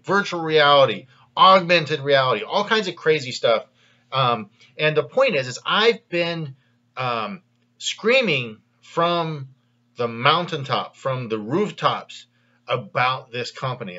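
A man from the American Midwest talking casually in a sales pitch to his viewers, rambling with many fillers and restarts. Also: a bit bright. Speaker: network marketing video host. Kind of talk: casual direct-to-camera pitch. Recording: slightly dull lo-fi sound.

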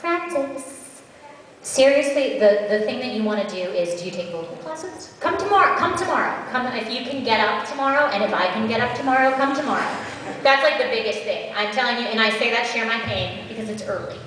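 A woman's voice: a little high, lively intonation, fast talker, fairly bright tone. A woman voice actor answering audience questions on a convention panel, chatty and practical. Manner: chatty, practical advice with asides. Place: large convention hall. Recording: echoey hall, far from mic.

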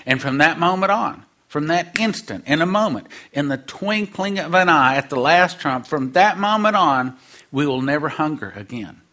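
Animated, lively-pitched preacher man. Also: moderate pace. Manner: animated, acts out quoted voices, humorous asides. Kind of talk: sermon.

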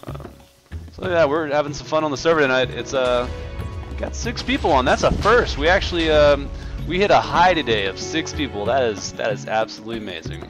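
A man's voice: medium pitch, expressive, fairly quick, over music. A man hosting and chatting casually over gameplay, upbeat and rambling with plenty of fillers. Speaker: server host and gaming commentator.

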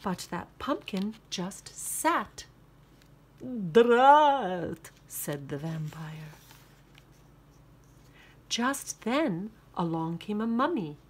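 A woman reading a children's picture book aloud with expressive, sing-song narration. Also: fairly low pitch, slow, slightly rough. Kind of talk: storybook read-aloud.

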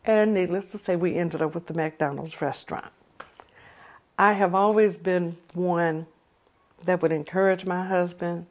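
An older woman telling a personal story with lively energy, acting out the conversations she recounts. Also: fairly low pitch. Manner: animated, acts out the dialogue in her story.

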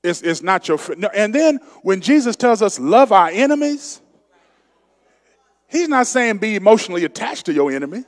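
A man's voice: high-pitched, big pitch swings, fairly quick, few pauses. A male pastor preaching a sermon emphatically, calling out to his congregation. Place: church sanctuary. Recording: long church sanctuary reverb.

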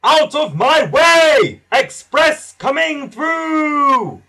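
A man's voice: very high voice, big pitch swings, extremely slow, bright, forceful tone, pitched above the performer's own voice, full character voice. A man voicing a big, proud male express engine who bellows pompously. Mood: bellowing.

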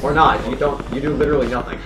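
A man's voice: medium pitch, steady tone, very fast. A man casually commenting on a video game with a co-host, joking and bantering. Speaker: let's play host. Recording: roomy echo, faint game music.

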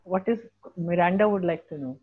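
A woman's voice: lowish voice, normal speed, slightly rough, phone-quality sound. A woman with an Indian accent teaching English literature to a class, asking students questions and mixing in Hindi phrases. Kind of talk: classroom lesson.

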